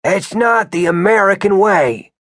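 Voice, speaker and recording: A man voicing an indignant, suspicious old male shopkeeper in an audiobook, with a husky, rattling voice and slow, pointed questions. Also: sits high, lively intonation, a bit bright, no echo, studio quality, pitched above the performer's own voice, heavily acted. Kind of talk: audiobook character voice.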